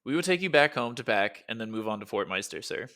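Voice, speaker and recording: A man's voice: fairly low pitch, lively intonation, quick pace, pushed and bright. A man voicing a polite, formal male soldier in an audiobook.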